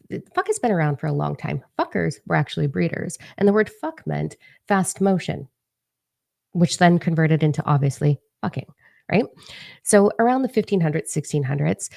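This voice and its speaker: A woman's voice: low voice, gravelly, warm tone, no room sound. A woman in her forties, a spiritual advisor talking casually on her vlog, blunt, profane and playfully mocking.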